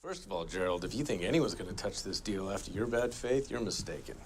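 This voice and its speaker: A man's voice: deep voice, lively intonation, fairly quick, a little hiss or hum. Cool, cocky male lawyer. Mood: commanding. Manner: cool, commanding, sarcastic. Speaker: confident lawyer in a TV drama. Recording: TV clip with music underneath.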